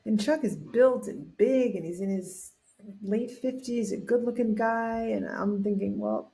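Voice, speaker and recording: A woman guest on a podcast, telling an anecdote in an animated way, acting out what people said and often restarting her sentences. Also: fairly high pitch, measured pace. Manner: animated storyteller acting out quotes, frequent restarts. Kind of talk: storytelling in a podcast interview.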